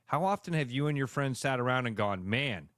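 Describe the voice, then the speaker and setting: A male sports radio co-host in casual chat, animated, acting out fans' reactions in quick voices. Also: mid-range voice, dry recording, studio quality.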